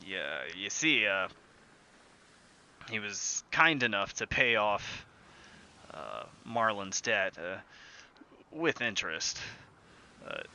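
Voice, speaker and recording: A man's voice: fairly low pitch, animated, slow, creaky, long pauses, pushed and bright, heavily acted, low-quality recording. A man voicing a nervous, shifty male ship cook who stammers and hesitates.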